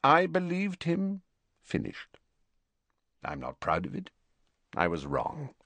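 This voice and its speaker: A man voicing a composed wizard spy who speaks in a calm, bored, measured manner. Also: mid-range voice, gravelly, dry recording, pitched above the performer's own voice, full character voice. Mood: cold calm.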